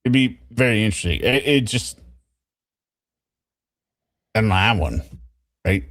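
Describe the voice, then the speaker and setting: A man's voice: fairly low pitch, expressive, unhurried, a bit bright, no room sound, clean studio sound. A man from the US West Coast hosting a stream, arguing playfully and laughing. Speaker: stream host. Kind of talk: casual chat on a stream.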